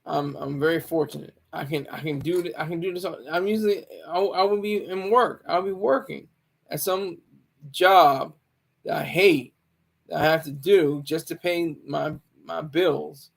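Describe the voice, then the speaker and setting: Here a military veteran who served in the Marine Corps rambles on casually, voicing strong opinions and frequently correcting himself. He talks at a moderate pace in a slightly high, creaky voice.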